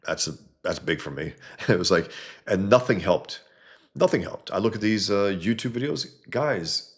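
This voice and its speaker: A man with a very low voice hosts a casual livestream from his home setup. He reads viewer comments aloud and answers them bluntly, rambling along and sometimes swearing. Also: animated, moderate pace. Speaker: livestream host.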